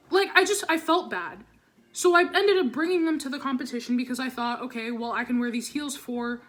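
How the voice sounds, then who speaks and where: A teenage girl telling a storytime vlog with a high, bright voice. She rants with lots of swearing and leans on "like" between phrases. She talks into a camera or phone mic. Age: teens. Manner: profane, ranting, heavy "like" fillers. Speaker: vlogger.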